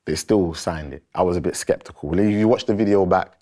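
A man's voice: deep voice, a little fast, dark tone. A man, a rapper telling a story animatedly in a casual interview, full of fillers and acted-out quotes. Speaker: rapper and guest.

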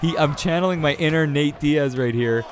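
A man casually commentating his own fighting game match, chatty and excitable, laughing often and talking to viewers. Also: a little high, moderate pace, slight background noise. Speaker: gaming commentator.

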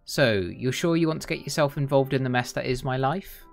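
A man lends his voice to a tender, teasing young man from a dating game. The endearments come easily and the tone stays relaxed. A faint guitar plays behind. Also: mid-range voice, fairly quick, creaky, close to an everyday voice. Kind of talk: reading a dating game aloud.

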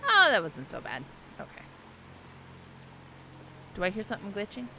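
A woman giving let's play gameplay commentary, slightly hoarse from losing her voice, reacting aloud and talking back to the game. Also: medium pitch, wildly swooping pitch, normal speed, background noise. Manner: reactive, exclaiming, talks to the game.

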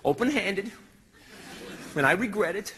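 A man's voice: sits high, expressive, measured pace. A man telling a self-mocking story in a stand-up comedy routine on a comedy club stage. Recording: reverberant live room with noise.

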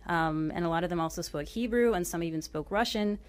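A woman from Oklahoma, USA, speaks briskly in a voice on the low side. At a book talk, she tells her travel story in a chatty, self-deprecating way with lots of fillers, and includes a short reading.

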